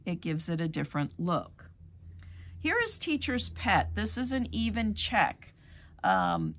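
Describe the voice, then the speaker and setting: A middle-aged woman teaching rug hooking, chatting through fabric colors one by one in a demonstration. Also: mid-range voice. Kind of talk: demonstration lesson.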